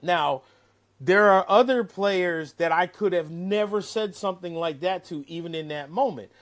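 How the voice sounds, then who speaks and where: A man telling a casual, animated story as a guest, cursing freely and acting out what people said. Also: high voice, moderate pace. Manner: animated, profane, acts out quotes. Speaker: caddie-turned-broadcaster guest.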